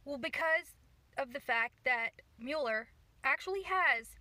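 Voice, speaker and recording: A woman's voice: high voice, expressive, measured pace, pushed and bright, dry recording. A woman talking casually to her viewers, indignant and rambling, often restarting her sentences. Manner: indignant, rambling, self-correcting. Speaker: political vlogger. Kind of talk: casual talk to camera.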